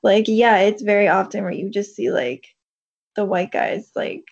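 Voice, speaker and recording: A woman's voice: medium pitch, normal speed, creaky, a little mellow. A woman co-hosting a podcast, speaking in a reflective way and using lots of fillers. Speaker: podcast co-host. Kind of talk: casual chat. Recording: dull lo-fi mic.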